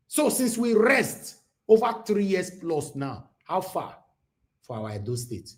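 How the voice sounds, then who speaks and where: A Nigerian man hosting a livestream, talking to callers and mixing in Pidgin, growing loud and high-pitched when worked up. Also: very animated, unhurried. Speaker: livestream host. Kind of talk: livestream talk.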